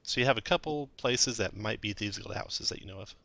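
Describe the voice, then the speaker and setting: A man with a lowish, bright voice runs a tabletop game, narrating scenes and rules at an easy pace. He pauses for fillers now and then while explaining. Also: vocal fry, dry recording. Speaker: dungeon master.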